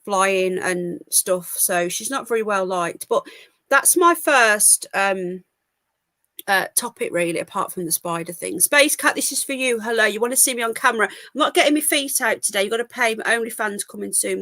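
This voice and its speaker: A woman's voice: medium pitch, lively intonation, normal speed, pushed and bright, no echo. A woman from England hosting a live call-in stream, chatting casually and greeting viewers as she gossips. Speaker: live call-in show host.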